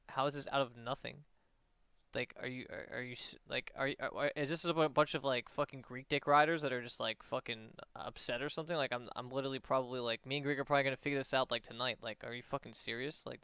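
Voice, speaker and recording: A man's voice: mid-range voice, fairly even intonation, fast talker, sharp tone, clean tone, no room sound. A young man on a casual livestream, talking in a rambling, profane way with lots of fillers.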